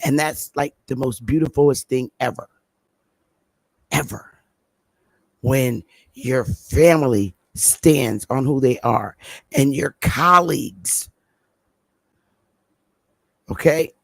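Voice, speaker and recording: A woman's voice: extremely low pitch, slow pace, gravelly, pauses often, no room sound. Middle-aged woman hosting a livestream, emphatic and repetitive, close and dry sound. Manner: emphatic, repeats points for stress. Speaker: livestream host. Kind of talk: livestream talk to viewers.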